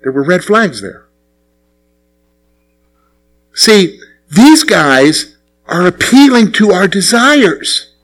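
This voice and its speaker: A middle-aged man preaching a sermon as pastor, asking the congregation questions and answering them himself, with sudden drops to quiet asides. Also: sing-song, drawn-out words, pauses often, poor audio. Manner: swings between raised, punchy lines and low, quiet asides.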